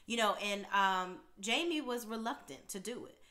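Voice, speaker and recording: A woman with a bright, forceful voice hosts a reality TV recap. She talks in a loose, chatty style and keeps checking in with her listeners with a quick "okay?". Her pitch sits in the middle range for a woman. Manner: talkative, punctuates points with "okay?". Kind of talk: casual chatty commentary.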